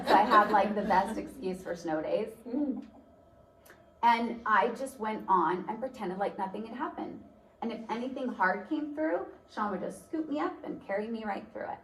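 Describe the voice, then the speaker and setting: A woman giving a motivational talk, telling a personal story in a conversational way with many fillers. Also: mid-range voice. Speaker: speaker. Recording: roomy, distant mic, faint noise.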